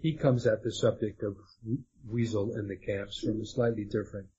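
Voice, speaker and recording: A man's voice: fairly low pitch, fairly even intonation, moderate pace, warm tone, slightly rough. A man answering as the guest of an interview, hesitant and stumbling through his answers with many fillers. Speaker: guest author. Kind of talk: conversational interview. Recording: dull lo-fi sound with faint noise.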